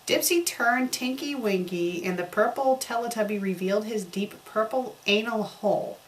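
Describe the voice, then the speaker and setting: A woman reading a fan story aloud for comedy, breaking off to mock its spelling and grammar in deadpan asides. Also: medium pitch, normal speed, a little hiss or hum. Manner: deadpan mocking commentary on spelling errors. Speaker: fanfic critic reading aloud.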